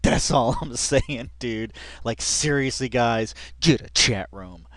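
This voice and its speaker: A man's voice: medium pitch, slow pace, a bit bright, no echo. Rambling man reacting, dry close mic. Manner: rambling, laughing, heavy fillers. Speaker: reaction video host. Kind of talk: casual reaction commentary.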